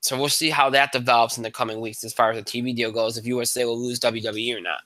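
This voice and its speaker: A man's voice: medium pitch, little pitch movement, fast talker, sharp tone, a little hiss or hum, low-quality recording. A man hosting a podcast in casual chat, rambling with fillers and restarts. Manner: plain conversational, rambling with fillers. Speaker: podcast host.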